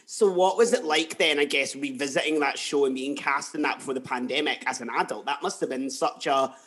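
A man's voice: a little high, brisk, fairly bright tone. Enthusiastic man hosting. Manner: enthusiastic, gushing. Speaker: host. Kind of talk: casual chat.

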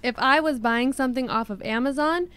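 A woman in a casual chat, easygoing and quick to laugh as she tells her side of a date. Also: sits high, fairly bright tone, clean tone.

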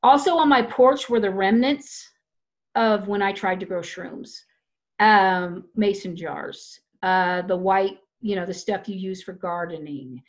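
A woman's voice: mid-range voice, measured pace. A woman talking in a loose, rambling way, often restarting her sentences as she tells a personal story in casual chat.

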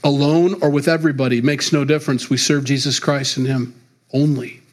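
A man's voice: mid-range voice, fairly even intonation, brisk. Conversational preacher, a man. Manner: conversational preaching, chuckling between points. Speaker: pastor. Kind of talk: sermon.

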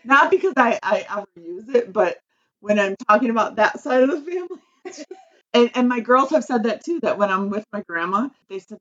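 A woman's voice: mid-range voice, expressive, fairly quick, fairly bright tone, muffled recording. A woman from Michigan co-hosting a podcast in casual, agreeable chat, laughing easily. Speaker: podcast co-host.

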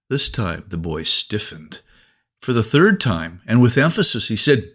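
A man's voice: lowish voice, animated, normal speed, a bit bright. A man preaching a sermon for a podcast, telling a story with expression.

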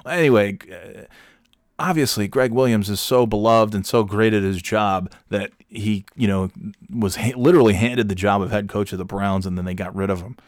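Low-voiced man ranting profanely. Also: moderate pace, dry recording, studio quality. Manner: profane, sarcastic, rambling. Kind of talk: casual talk-show rant.

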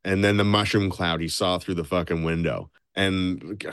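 Young guy w a really deep voice, cusses constantly, rambly podcast storytelling, dry close mic. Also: steady tone, normal speed, a bit bright, clear, resonant tone, no echo. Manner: swears a lot, loose and rambling. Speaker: podcast co-host. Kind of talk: casual chat, retelling a story.

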